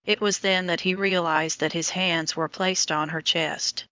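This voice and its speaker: A woman narrating a romance audiobook in a steady, even reading manner. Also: on the low side, unhurried, no room sound. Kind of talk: scripted narration. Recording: dull lo-fi dry audio.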